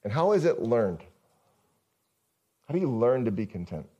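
A man's voice: mid-range voice, sing-song, moderate pace, mellow, husky, muffled recording. A male pastor giving a conversational sermon, often asking the congregation questions.

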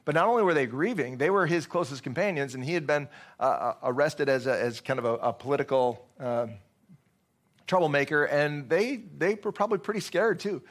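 A man's voice: on the high side, a little fast. A man preaching a sermon to his congregation in a conversational way, with fillers and restarts along the way. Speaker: pastor.

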